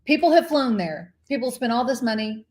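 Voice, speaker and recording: A woman co-hosting a casual live cruise chat show, an animated storyteller who laughs often. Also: fairly high pitch, brisk, echoey room.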